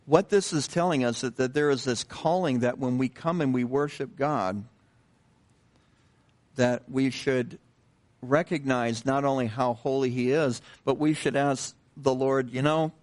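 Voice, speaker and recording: A man preaching a sermon in a conversational way, pausing with fillers and restarting his sentences, and asking the listeners questions. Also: medium pitch, fairly even intonation, darkish tone. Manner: unhurried, repeats himself with many fillers and restarts; conversational, asks the congregation questions. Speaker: pastor.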